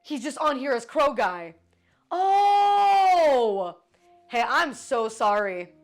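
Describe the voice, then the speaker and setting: Woman streamer, casual live chat, quick to swear and quick to apologize, voice sitting a bit high. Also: lively intonation, a bit bright, faint music behind. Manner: swears freely, jumps between joking and apologizing.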